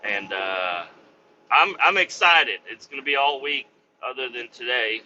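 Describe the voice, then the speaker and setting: A man's voice: mid-range voice, animated, measured pace, bright, forceful tone, a little hiss or hum. A man who drives trucks, telling rambling stories in a crude, profane, joking way. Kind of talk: rambling casual storytelling. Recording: dull lo-fi sound.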